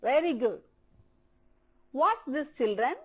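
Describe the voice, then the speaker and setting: Slow, lively Indian English teacher woman. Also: sits high, husky. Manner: slow, drawn-out, repeating words for children to copy. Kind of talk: televised primary-school English lesson.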